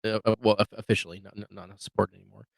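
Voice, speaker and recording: A man's voice: on the low side, fairly even intonation, rapid-fire, vocal fry, no room sound, low-quality recording. A man co-hosting a casual tech podcast, talking in a rambling, hesitant way full of restarts and fillers. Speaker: podcast co-host.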